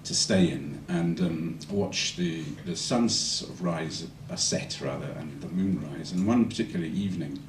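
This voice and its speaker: A musician recalling a quiet moment in a soft, reflective way before introducing a song. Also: male voice, sits low, moderate pace, hardly any pauses, background noise. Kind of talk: reflective stage storytelling. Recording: roomy, distant stage mic with music.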